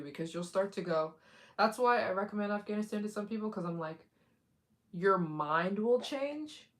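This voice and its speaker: A woman hosting a casual live stream as a travel vlogger. She chats straight to her viewers, giggles often, and acts out other people's lines in put-on voices. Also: on the low side. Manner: chatty, addresses viewers directly.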